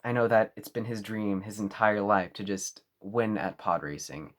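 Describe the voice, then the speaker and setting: A young man talking to camera in a mock-serious apology video, over-earnest and halting. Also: fairly low pitch, steady tone. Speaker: vlogger.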